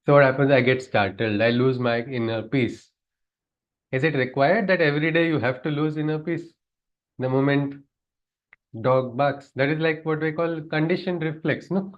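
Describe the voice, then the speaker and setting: A man's voice: on the high side, normal speed, highs cut off. A man teaching a class on scripture, in a conversational way, often putting questions to his listeners and chuckling. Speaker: spiritual teacher. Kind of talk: lecture on scripture.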